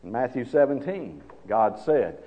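A male preacher delivers a sermon with dramatic swings between hushed and loud passages, stretching out his key words. His voice sits at a middle pitch. The recording is dull and carries a long reverb from a church sanctuary. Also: big pitch swings. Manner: drawn-out emphatic phrasing.

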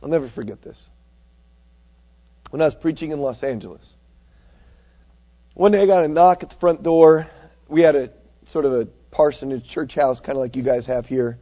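A high-voiced male preacher tells stories from the pulpit, shifting between a near-whisper and a loud push. The sound is thin and narrow, as if over a phone line. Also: moderate pace, long pauses. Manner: animated, swings between loud and hushed. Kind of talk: sermon with storytelling.

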